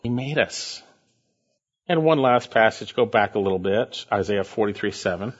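A man preaching a sermon, reading scripture quietly and rising to loud, high emphatic bursts. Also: animated, moderate pace, highs cut off. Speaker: pastor.

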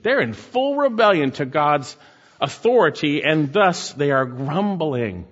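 A man's voice: a little high, big pitch swings, moderate pace. A male pastor preaching a sermon, reading scripture aloud and breaking off to comment and exhort his congregation. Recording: muffled sound in a reverberant hall.

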